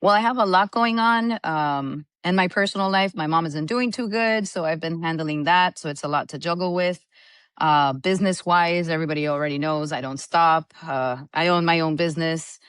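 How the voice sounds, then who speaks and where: A woman's voice: sits low, normal speed, clean tone, no room sound, clean studio sound. A woman in her forties, a podcast guest who owns a shop, telling stories in casual chat and laughing often. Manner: laughing, animated storyteller. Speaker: podcast guest, small business owner.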